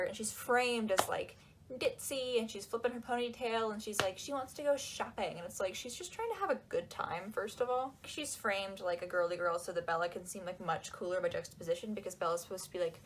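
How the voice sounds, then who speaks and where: A young woman giving casual, sarcastic commentary on a book, acting out quotes in quick asides. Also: mid-range voice, background noise. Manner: sarcastic, chatty, acts out quotes.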